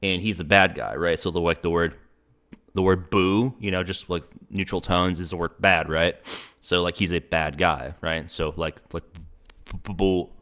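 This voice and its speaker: Brief: young male interviewer, deep voice, loose rambling delivery. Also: fairly even intonation, normal speed, a bit bright. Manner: rambling, many fillers and restarts. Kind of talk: casual conversation.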